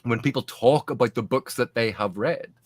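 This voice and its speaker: A man's voice: mid-range voice, moderate pace, no room sound. A man in a casual podcast panel discussion, making his points earnestly and emphatically, often restarting mid-phrase. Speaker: podcast guest.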